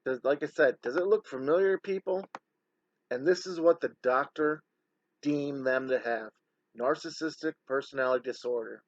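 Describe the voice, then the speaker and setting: A man's voice: medium pitch, normal speed, no echo. A man giving a heated, scornful commentary voice-over as an online scam exposer, with a dull, slightly lo-fi recording.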